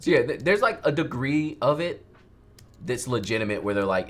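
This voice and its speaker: A young man, a photographer, chatting casually on a livestream while he edits photos and teaches, in an animated, ranting way, often mimicking other people. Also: mid-range voice, moderate pace.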